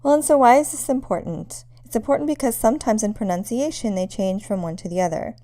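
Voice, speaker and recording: A woman's voice: fairly high pitch, fast, dark tone. A woman teaching a pronunciation lesson, patiently demonstrating sounds one at a time. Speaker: language teacher.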